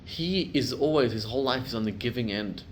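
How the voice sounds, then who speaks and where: A middle-aged man, a rabbi, giving a class to a live group, telling stories and building to loud emphatic peaks. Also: mid-range voice, animated, a little fast, a little hiss or hum.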